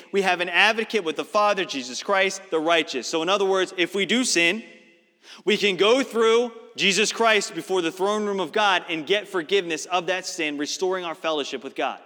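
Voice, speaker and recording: A man's voice: high voice, bright, forceful tone. A man preaching a sermon to an auditorium, teaching scripture in an explanatory, emphatic way. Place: large auditorium. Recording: reverberant hall.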